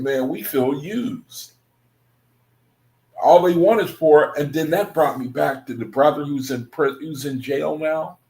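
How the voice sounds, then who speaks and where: A man reads scripture aloud and talks it over in a loose, conversational way, often chuckling and tossing in "man" and "you know." His voice sits at an ordinary middle pitch. The recording has a noticeably echoey room sound. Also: a little mellow. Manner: laid-back, laughs often, says "man" and "you know". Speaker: religious study group reader. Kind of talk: casual scripture reading with commentary.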